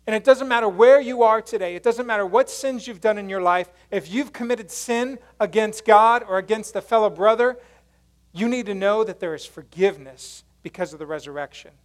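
A male pastor preaching a sermon, retelling a story in animated, casual language and questioning his congregation. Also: sits high, a little fast. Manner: casual slangy phrasing.

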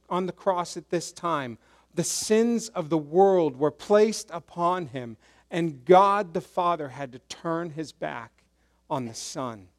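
A man preaching a sermon, swinging between loud emphasis and hushed, quiet lows. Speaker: pastor.

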